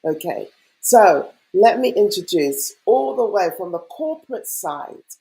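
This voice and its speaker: A woman's voice: medium pitch, big pitch swings, unhurried, mellow, poor audio. A woman hosting an online event over a video call, chatty and welcoming, greeting viewers with enthusiasm. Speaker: host.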